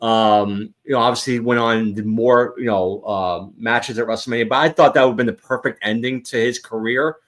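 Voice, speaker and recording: A man's voice: mid-range voice, fairly even intonation, fairly quick, hardly any pauses, a bit bright. A man hosting a casual show, talking in a rambling way with many restarts. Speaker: host. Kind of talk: casual chat.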